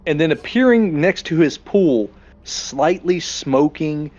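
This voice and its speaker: A man's voice: a little high, expressive, slow pace, a little mellow. Joking man on a dull, lo-fi mic. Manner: joking, crude, quotes scenes in put-on voices. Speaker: podcast co-host. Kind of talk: casual movie chat.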